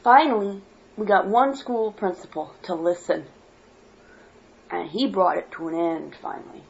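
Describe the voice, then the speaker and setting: A woman's voice: lowish voice, unhurried, vocal fry. A woman from Michigan giving a worked-up personal monologue as a vlogger, blunt and swearing freely. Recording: dull lo-fi home recording.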